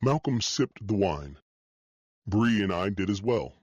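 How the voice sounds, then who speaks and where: Low-voiced male audiobook narrator. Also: no room sound, muffled recording. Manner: steady, measured storytelling. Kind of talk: scripted first-person narration.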